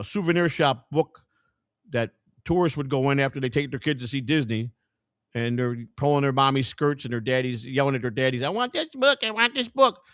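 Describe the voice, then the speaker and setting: A man hosting a live stream, rambling and swearing as he thinks out loud to his chat. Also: mid-range voice, clean tone, dry recording, studio quality. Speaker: livestream host. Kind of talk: casual live-stream commentary.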